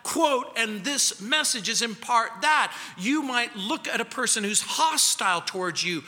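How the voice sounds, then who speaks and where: A middle-aged man preaching a sermon as pastor, emphatic, swinging between loud and hushed. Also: extremely high pitch, expressive, measured pace, few pauses, in a large hall. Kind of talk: expository sermon. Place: church sanctuary.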